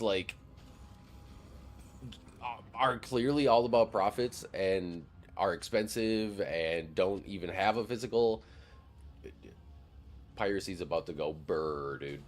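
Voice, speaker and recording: Young man from wisconsin, game streamer, lowish voice, rambling, swears a lot, faint background music. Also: slow, pauses often. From Wisconsin, near Madison. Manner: rambling, profane, full of "like" fillers. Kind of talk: casual live-stream chat while gaming.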